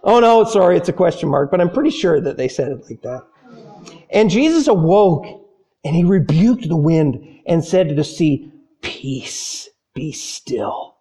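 A man preaching a sermon to women, telling stories with lively acted-out voices and slowing down softly on key phrases. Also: high voice, breathy edge. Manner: animated storyteller, acts out panicked voices; slows and softens on key phrases.

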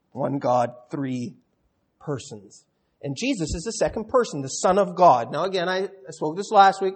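A man preaching a sermon as pastor, explaining in a teaching tone, with loud stressed words and quiet drops. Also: high-pitched. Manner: explanatory teaching tone with audience asides.

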